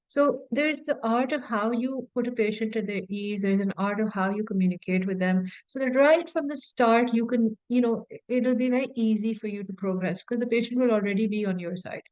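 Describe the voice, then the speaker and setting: A woman tutor coaching exam candidates in an easy, talkative manner with a slightly high voice. She leans on repeated words for emphasis and fills pauses freely. The recording sounds dry and a little dull. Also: no room sound. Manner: conversational, often repeats words for emphasis and slips in fillers. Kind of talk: informal teaching talk.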